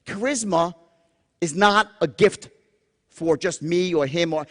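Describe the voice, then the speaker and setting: A man giving a live sales seminar, animated and profane, acting out tones and dropping into sudden whispers. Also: sits high, takes it slowly. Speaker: sales trainer. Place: large seminar room. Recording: long hall reverb.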